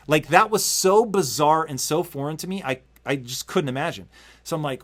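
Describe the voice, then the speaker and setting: A man hosting an interview, telling a long story in a casual, energetic way and swearing freely. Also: fairly high pitch, brisk. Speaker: podcast host.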